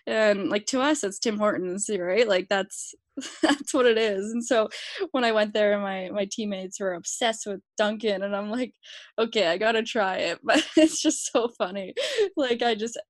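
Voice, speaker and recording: A woman's voice: mid-range voice, measured pace, dry recording. A young woman in her twenties from Alberta with a Canadian accent, chatting casually as an interview guest and laughing often. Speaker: guest, former college hockey player.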